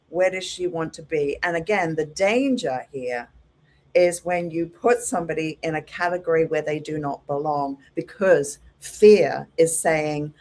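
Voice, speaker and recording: A middle-aged woman teaching a hairdressing class, animated and acting out her clients with lively exclamations. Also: sits low, unhurried. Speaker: hairdressing educator.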